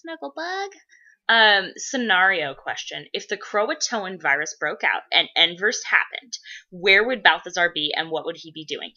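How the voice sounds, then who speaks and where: A woman's voice: lowish voice, pushed and bright. A woman chatting casually as a role-play blogger, rambling and swearing a lot. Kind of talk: casual chat. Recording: dull lo-fi recording.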